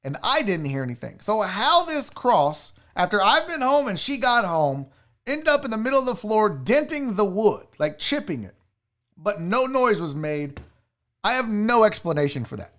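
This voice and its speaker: A man's voice: high voice, very animated, normal speed, a bit bright. A man hosting a casual show, telling a personal story and swearing now and then. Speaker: sports show host.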